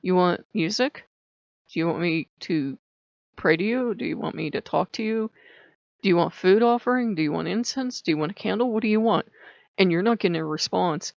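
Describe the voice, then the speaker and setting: A woman's voice: on the low side, fairly quick, gravelly, dry recording. Woman, casual talk, chatty, acts out dialogues, dull sound, dry room. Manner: chatty, laughs often, acts out little dialogues. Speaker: channel host. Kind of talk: casual spiritual talk to camera.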